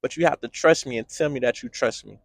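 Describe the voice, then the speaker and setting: A man's voice: medium pitch, fast, creaky, slightly rough, dry recording, studio quality. A man voicing God as a patient, comforting presence who pleads earnestly. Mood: pleading.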